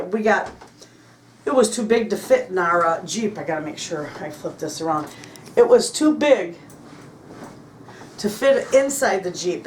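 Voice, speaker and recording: A middle-aged woman vlogging about her homestead, telling a story to the camera in an excitable, chatty way. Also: medium pitch, slight background noise. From Michigan, United States. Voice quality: chatty, excitable, repeats "I said" often. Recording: echoey room.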